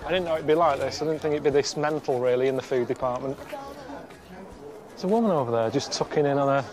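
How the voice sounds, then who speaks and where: A man giving bemused, deadpan commentary while he travels. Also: medium pitch, fast, some chatter behind. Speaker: travel show presenter. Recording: music under the voice.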